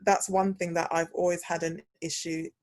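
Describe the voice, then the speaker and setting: A woman's voice: fairly low pitch, little pitch movement, moderate pace, a little mellow, no echo. A young British woman hosting a podcast, telling a story in casual chat and acting out the quoted dialogue. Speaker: podcast host.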